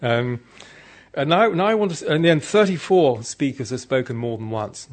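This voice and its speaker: A man's voice: medium pitch, animated, normal speed. A man giving an informal, good-humored conference talk, chatting directly with the audience. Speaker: conference speaker.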